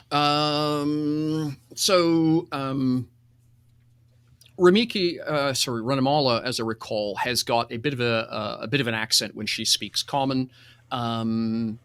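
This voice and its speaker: A man acting as game master in a casual online tabletop session, rambling and restarting often, quick to laugh. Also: mid-range voice, a bit bright, clean tone. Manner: rambling, self-interrupting, laughs easily.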